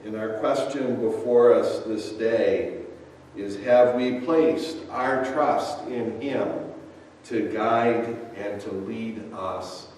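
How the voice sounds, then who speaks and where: A male pastor preaching a sermon, telling a personal story in a measured way. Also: fairly low pitch, darkish tone, slight background noise. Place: church sanctuary. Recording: echoey church hall, distant mic.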